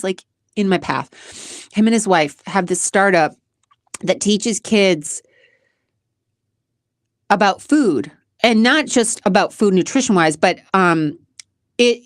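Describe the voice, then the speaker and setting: Woman, 40s, podcast host; casual, emotional, rambling; mid pitch; dry close sound. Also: no room sound. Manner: chatty, emotional, rambling with restarts. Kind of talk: casual chat answering question cards.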